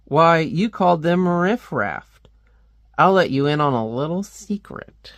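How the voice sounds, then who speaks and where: A man's voice: on the high side, lively intonation, a little slow, fairly bright tone, no echo, clean studio sound, voice pushed up. A man voicing a flustered, polite teenage girl from a comic who nervously deflects unwanted advances. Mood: uneasy polite.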